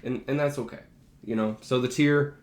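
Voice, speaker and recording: Man, teacher, casual ranking, enthusiastic, emphatic, mid-pitched, echoey room. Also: steady tone, normal speed, background noise. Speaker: teacher and behavior analyst. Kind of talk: casual movie ranking to camera. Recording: roomy echo.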